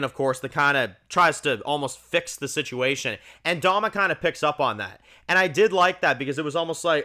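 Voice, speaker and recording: A man with a slightly high, bright, forceful voice hosts his review channel. He talks through a TV episode loosely and enthusiastically, his casual spoken review peppered with "like" and "you know."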